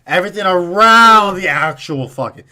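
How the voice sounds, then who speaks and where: A young man co-hosting a casual talk show, his pitch high and swinging widely as he tells a story. He swears freely and laughs loudly in an animated, profane way. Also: moderate pace, a crowd in the background. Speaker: podcast co-host. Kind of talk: casual chat.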